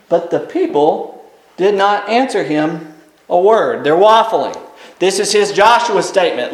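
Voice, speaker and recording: Male preacher, high voice with a very lively pitch, folksy animated sermon storytelling. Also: moderate pace. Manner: animated, folksy Bible retelling. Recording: roomy echo.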